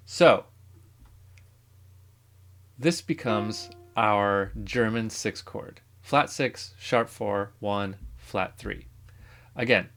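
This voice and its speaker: A man teaching music theory in a casual lecture, thinking aloud and correcting himself as he goes. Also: on the low side. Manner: relaxed, thinking aloud with fillers and self-corrections.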